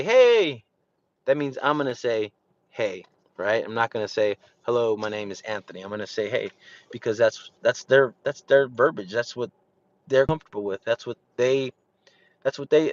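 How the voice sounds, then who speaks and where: A man's voice: mid-range voice, muffled recording. Casual man coaching real estate agents. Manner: casual, repeats himself, many fillers. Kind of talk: instructional talk.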